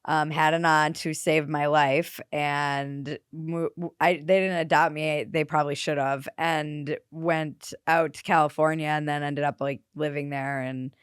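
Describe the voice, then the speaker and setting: A woman hosting a casual interview podcast, laughing often and turning animated when she quotes other people. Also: low voice, a little slow, hardly any pauses, clean tone, dry recording, clean studio sound. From East Coast of the US. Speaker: podcast host.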